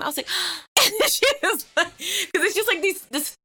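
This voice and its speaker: A woman's voice: very high-pitched, a little fast, bright, forceful tone. A young woman with a Philadelphia accent telling a long story in casual chat, acting out voices and laughing often.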